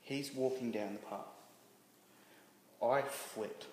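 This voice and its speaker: A man being interviewed as a guest, telling a personal story candidly, halting and restarting with many fillers. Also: mid-range voice. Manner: halting, frequent restarts and "you know" fillers. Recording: roomy reverberant room with faint noise.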